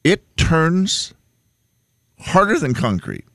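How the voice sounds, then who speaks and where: Man, radio show regular, casual anecdote, animated storytelling, wide pitch swings, dry close mic. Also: slow, vocal fry, no room sound. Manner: animated storyteller, chuckles through stories.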